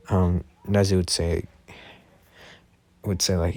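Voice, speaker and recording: A man's voice: low voice, steady tone, a little slow, a little mellow, no room sound. A man improvising a fan story, rambling and correcting himself with many fillers, over a voice chat. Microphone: Discord voice chat.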